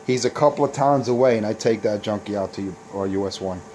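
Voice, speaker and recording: A man's voice: lowish voice, fast talker, warm tone, slight background noise. Boastful, taunting man on a CB radio show. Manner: boastful, taunting trash talk. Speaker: CB radio operator and channel host. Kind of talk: casual radio banter video.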